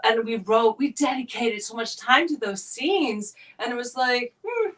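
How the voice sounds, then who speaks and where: Lively woman with a transatlantic accent. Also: fairly high pitch, unhurried. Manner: animated storyteller, laughs often. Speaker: guest performer. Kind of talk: casual chat.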